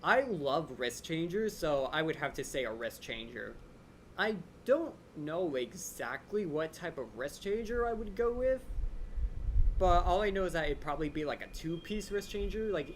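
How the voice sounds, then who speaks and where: The young man hosting this live stream takes viewer questions in a quick, enthusiastic ramble full of "like." His voice is a little high and somewhat tired-sounding, with a touch of background noise behind it.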